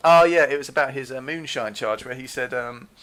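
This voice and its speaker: A man telling a story in a casual, animated rant, repeating himself and acting out what people said. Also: medium pitch, a little fast. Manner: animated, repeats himself, acts out quoted dialogue.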